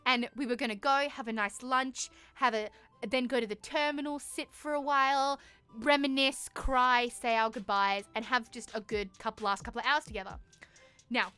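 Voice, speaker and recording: A young-sounding Australian woman with a bright, forceful voice pitched a little high spins a story for her stream chat. She is animated and swears a lot, jumping into the voices of the people in the story, and soft music plays under her. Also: normal speed, clean tone. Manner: animated, swears freely, acts out quotes.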